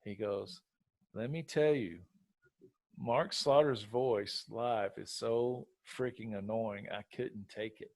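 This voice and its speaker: A man's voice: lowish voice, slow, dry recording. Guy hosting a podcast, telling a story, does the voices, dry sound. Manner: animated storyteller, acts out quotes. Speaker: podcast host. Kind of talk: casual storytelling chat.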